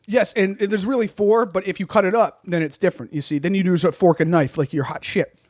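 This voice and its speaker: A man's voice: high voice, steady tone, fairly quick, no room sound, studio quality. A young man co-hosting a casual comedy podcast, reading instructions aloud in a mock-serious way and laughing often. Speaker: podcast co-host.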